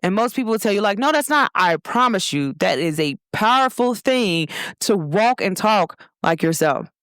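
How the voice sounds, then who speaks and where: A woman delivers an animated motivational talk. She is expressive and earnest and speaks at a middling pitch. The sound is close and dry. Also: moderate pace, no room sound. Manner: expressive, animated storytelling with laughs and quoted voices. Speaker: show host. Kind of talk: motivational monologue.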